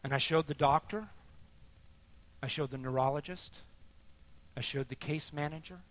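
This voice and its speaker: A middle-aged man giving a sermon-style personal testimony, moving between hushed, quiet moments and loud, emphatic bursts as he tells his story. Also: on the high side, moderate pace. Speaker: speaker sharing testimony.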